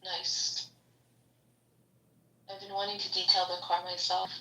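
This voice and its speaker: A woman's voice: on the low side, completely flat delivery, unhurried, sharp tone. A woman co-hosting a podcast in casual chat, often laughing as she talks. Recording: echoey room, far from mic.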